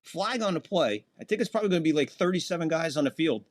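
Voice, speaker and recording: A man's voice: on the high side, lively intonation, fast talker. A man hosting a live fan stream, calling the plays of a football game and chatting casually with viewers between snaps. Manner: casual, chatty, talks to chat between plays, voice jumps up on big plays. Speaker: host and play-by-play caller. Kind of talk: live fan play-by-play commentary.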